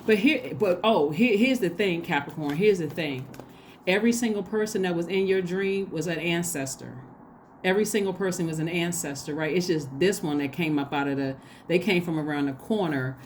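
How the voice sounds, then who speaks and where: A woman giving a casual spoken tarot reading, chatty and excitable, talking straight to her viewers. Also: fairly low pitch, normal speed, slight background noise. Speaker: tarot reader.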